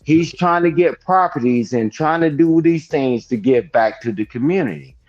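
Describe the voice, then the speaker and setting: A man's voice: a little high, normal speed, darkish tone, highs cut off. An older man holding forth on a heated livestream panel and repeating himself for emphasis. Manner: emphatic, repeats "I'm telling you", preachy.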